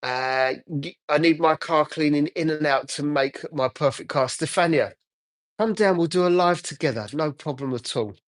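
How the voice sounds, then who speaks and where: A man with a slightly high voice chats easily while he works on a car, answering viewer comments as he goes. The sound is dry and close, picked up on a phone outdoors. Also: normal speed, no echo. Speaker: car detailer livestreaming. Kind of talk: casual live chat while working.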